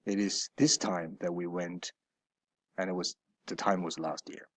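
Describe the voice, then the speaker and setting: Slow, patient male language teacher. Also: low-pitched, steady tone, a bit bright, slightly rough, no echo. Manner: explains patiently, hesitant with fillers, corrects himself. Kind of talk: textbook lesson explanation.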